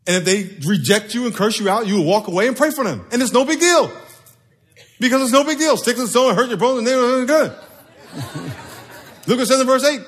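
A man with a fairly high voice preaches to his congregation. He keeps it conversational and playful, and he leads the room in call-and-response. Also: expressive, brisk, long pauses, fairly bright tone, a faint crowd. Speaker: pastor. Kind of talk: sermon. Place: church sanctuary.

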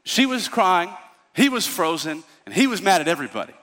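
A male pastor preaching a sermon, telling stories in an animated way and acting out the voices of the people in them. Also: high-pitched, a little fast, in a large hall, slight background noise. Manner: storytelling, animated, acts out voices. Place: church.

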